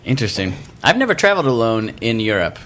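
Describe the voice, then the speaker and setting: A man's voice: mid-range voice, big pitch swings, quick pace, a crowd in the background. A man hosting a podcast with easygoing, casual chat. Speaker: podcast host.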